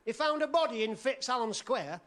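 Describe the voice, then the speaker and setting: Very high-voiced comic man. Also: expressive, background noise. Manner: rapid one-liners. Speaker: stand-up comedian.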